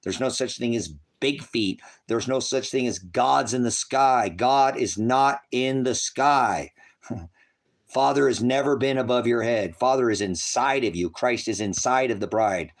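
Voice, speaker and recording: A man preaching on a livestream, profane and mocking, reads out viewer comments and argues with them. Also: measured pace. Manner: mocks others in shrill put-on voices. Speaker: online preacher. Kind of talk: livestream preaching, reading chat.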